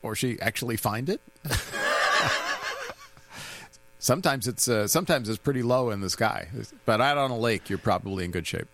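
A man's voice: mid-range voice, lively intonation, moderate pace, pauses often, a bit bright. An older man is a guest expert on a radio show. His voice moves widely up and down, and he explains things patiently, with restarts and small laughs. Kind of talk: casual radio interview.

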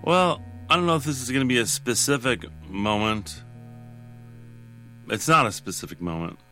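A man's voice: medium pitch, very animated, bright, forceful tone, faint music behind. Rambling older man in his sixties. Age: 60s. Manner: rambling, halting, many restarts. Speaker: guest. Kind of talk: casual interview chat.

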